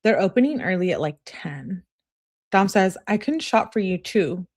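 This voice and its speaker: A woman's voice: medium pitch, expressive, normal speed. A woman host reading text messages aloud and commenting on them in a sassy, casual way, often laughing and talking back. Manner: sassy, laughs and talks back to what she reads.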